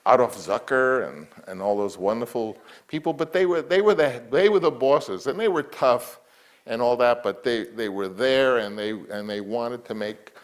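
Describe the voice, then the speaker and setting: A man's voice: medium pitch, expressive, normal speed. A man, a film director, talking reflectively in an interview, rambling with many restarts.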